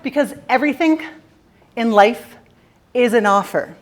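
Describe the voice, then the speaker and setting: A Canadian woman with a slightly high voice gives a motivational keynote from a conference stage. She is playful and jokey, and she teases the crowd as she goes. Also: expressive, a little slow. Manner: playful, jokey, teasing the audience. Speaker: keynote speaker.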